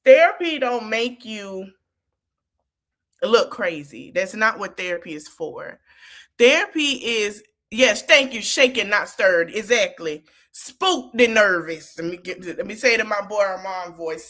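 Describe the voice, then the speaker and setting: A woman's voice: mid-range voice, expressive, measured pace, a bit bright. A woman hosting a podcast, giving sassy, chatty reaction commentary. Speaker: podcast host.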